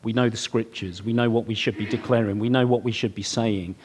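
A man's voice: on the low side, fairly even intonation, a little fast, slight background noise. A middle-aged man preaching, telling his own story in an earnest, conversational way. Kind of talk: sermon testimony.

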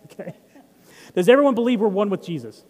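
Preaching conversationally and putting questions to his congregation, a pastor talks fast in a high, expressive voice with a slightly mellow tone. A long reverb tail follows his words.

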